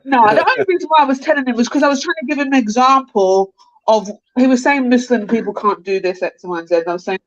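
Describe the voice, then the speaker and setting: A woman chatting casually as a guest on a live online panel, with quick interjections. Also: a little high, dull audio.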